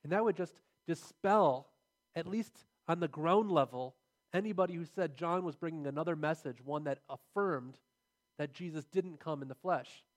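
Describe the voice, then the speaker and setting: A man's voice: a little high, moderate pace. A man preaching a sermon, earnest and building to emphatic, repeated phrases as he drives his points home.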